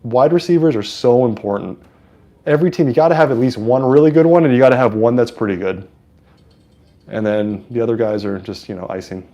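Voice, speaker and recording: A livestream host from San Francisco who comments casually on a football game, full of fillers and quick bursts of excitement. His voice is mellow and soft-edged, at an ordinary mid pitch. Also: lo-fi sound. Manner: chatty and excitable, with frequent fillers. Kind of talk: casual live sports commentary.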